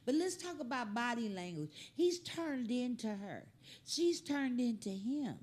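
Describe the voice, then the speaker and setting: A woman hosting a comedy reaction show, riffing on clips in an animated, joking, slangy way. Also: a little high, measured pace.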